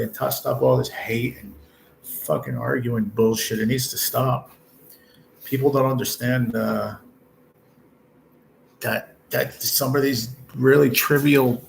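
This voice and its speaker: A man nearing fifty talks to his livestream chat from a hospital room, rambling and blunt and cursing often. His voice is gravelly, sits at an ordinary pitch, and has a faint hum of room noise underneath it. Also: low-quality recording. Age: 40s. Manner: blunt, heavy swearing, rambling. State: ill with stage four cancer. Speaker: livestream host.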